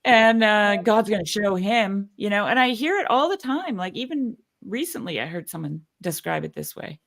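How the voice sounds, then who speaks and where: A woman co-hosting a casual group discussion, chatty and quick to laugh as she tells anecdotes. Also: medium pitch, lively intonation, vocal fry. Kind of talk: casual group video chat.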